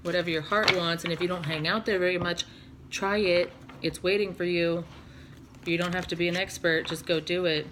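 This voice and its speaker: A woman's voice: on the low side, fairly even intonation, brisk, fairly bright tone, a little hiss or hum. A woman doing a casual, chatty tarot reading, laughing often and swearing casually. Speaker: tarot reader.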